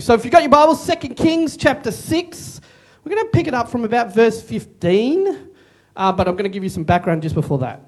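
A man preaching a sermon in an animated, conversational way, with jokey asides to the congregation. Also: very high voice, fairly quick. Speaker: pastor. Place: church service, also streamed.

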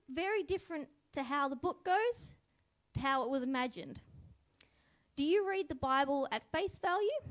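A woman giving a reflective spoken devotional, musing and asking the listener questions. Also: high voice. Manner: musing, asks listeners questions, lively voice for quotes. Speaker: devotional speaker.

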